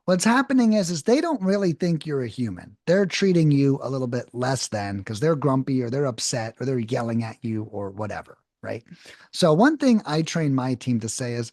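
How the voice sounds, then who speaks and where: A man in his thirties gives a cold calling lesson in a direct, coaching manner, often pausing to ask "okay?". His voice sits a little high for a man and moves around a lot in pitch. The sound is close and dry, with no room echo. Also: sing-song, a little mellow. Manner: direct, coaching, frequent "okay?" check-ins. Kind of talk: casual instructional talk.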